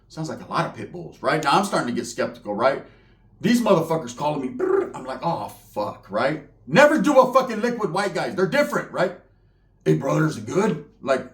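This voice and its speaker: A man's voice: fairly high pitch, sing-song, a little fast, reverberant. A man telling a wild comedic story in casual street slang, cursing and acting out the people in it.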